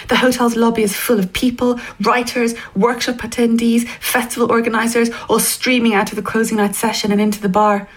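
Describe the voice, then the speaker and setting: A woman narrating a story in the second person, in a hushed, intimate way that often sinks toward a whisper. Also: a little high, low-quality recording.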